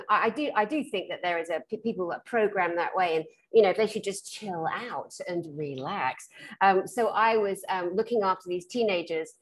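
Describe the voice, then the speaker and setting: A British woman, a spiritual therapist, telling stories in a frank, lively, casual chat. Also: mid-range voice. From Britain. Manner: animated storyteller who acts out the people she quotes; frank and blunt, laughs through her stories.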